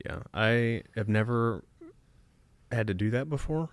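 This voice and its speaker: A man co-hosting a casual podcast, explaining things in a measured way with some restarts. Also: mid-range voice, clean tone, no room sound. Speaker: podcast co-host. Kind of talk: casual chat. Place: home studio, seated on a couch.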